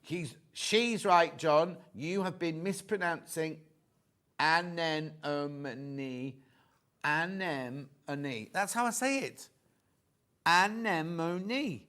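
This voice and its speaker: Chatty British male shopping-channel host, bright and lively, with a slightly higher voice, on a TV studio set. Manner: chatty, teasing, reading out prices and viewer messages. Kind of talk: live sewing shopping show chat.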